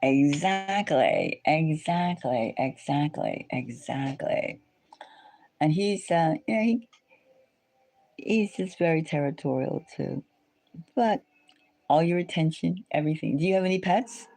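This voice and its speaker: A woman's voice: fairly low pitch, normal speed, gravelly, long pauses, mellow. A woman hosting a live stream, chatting casually with viewers in a rambling way and repeating phrases over and over.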